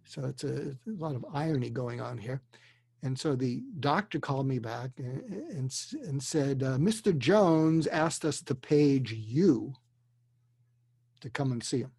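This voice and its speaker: An older man, a psychiatrist, telling a story earnestly and deliberately, dropping to a hush for emotional moments. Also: medium pitch, vocal fry, breathy edge, no echo. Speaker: guest, psychiatrist. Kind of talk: storytelling in a conversation. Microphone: video call.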